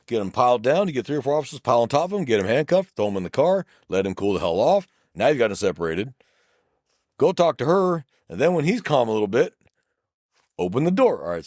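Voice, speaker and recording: A middle-aged man from South Texas with a Texan accent, a police officer co-hosting a casual podcast chat, blunt and animated, acting out quoted dialogue. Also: fairly low pitch, no room sound, clean studio sound. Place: podcast studio.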